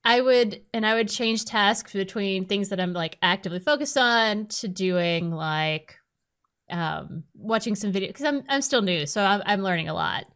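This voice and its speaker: Brief: woman podcast co-host, mid-range voice, casual, swears a lot, rants with big pitch spikes. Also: animated, normal speed, fairly bright tone, smooth. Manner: blunt, profane, ranting with sudden high jumps. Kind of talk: casual chat.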